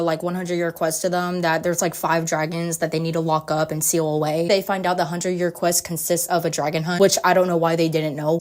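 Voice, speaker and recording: A woman's voice: fairly low pitch, darkish tone. Female reaction host, joking anime recap, heavy slang and swearing.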